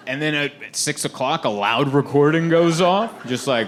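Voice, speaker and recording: A man doing a stand-up comedy set on stage, animated and laughing often as he acts out little scenes. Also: on the high side, a little fast, hardly any pauses, a faint crowd, a little hiss or hum. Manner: animated, laughing often, acting out quoted voices. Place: live comedy venue with audience.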